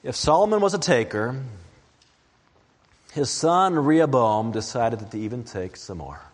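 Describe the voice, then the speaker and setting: A man preaching a sermon, reading scripture aloud in a slow and deliberate way. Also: mid-range voice, animated, big-room sound.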